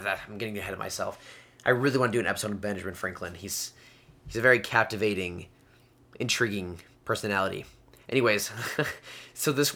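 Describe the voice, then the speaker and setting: A young man in his late teens talks on his own podcast in a loose, conversational way. His voice is bright and forward, and he keeps up an upbeat, chatty tone with quick little laughs. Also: fairly low pitch. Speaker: podcast host. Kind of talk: casual solo podcast talk.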